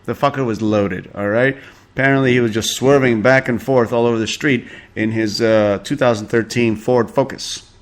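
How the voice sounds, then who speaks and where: A man's voice: mid-range voice, steady tone, moderate pace. Male podcast host, casual gossip commentary, sarcastic, swears freely, chuckles a lot. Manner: sarcastic, profane, chuckling often.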